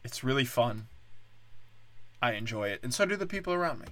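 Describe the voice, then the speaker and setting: A drunk man hosting a solo comedy podcast, rambling crudely and swinging between loud outbursts and low mutters. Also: very animated, brisk, a little hiss or hum. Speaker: podcast host.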